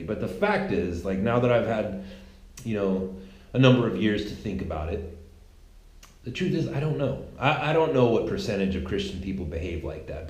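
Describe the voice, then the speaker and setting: Male podcast host with a mid-pitched voice, rambling and sarcastic, recorded in an echoey room. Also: darkish tone. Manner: rambling, sarcastic, full of restarts. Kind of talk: casual opinion monologue. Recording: roomy echo.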